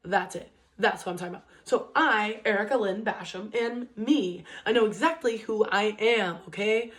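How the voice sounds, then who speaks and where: A woman in her twenties talks to listeners in a loose, conversational way as a motivational speaker. Her pitch sits in the middle, and her pace speeds up and slows down. She keeps checking in with "okay?" and "right?". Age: 20s. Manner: restarts sentences and uses many fillers, pace swings between quick and slow. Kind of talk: casual motivational talk.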